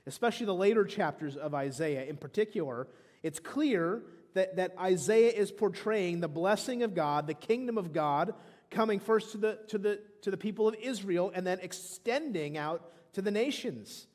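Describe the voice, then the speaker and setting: A man's voice: high-pitched, expressive, moderate pace, darkish tone. A man in his thirties preaching a sermon as pastor, emphatic, with frequent restarts. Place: church sanctuary. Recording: long hall reverb.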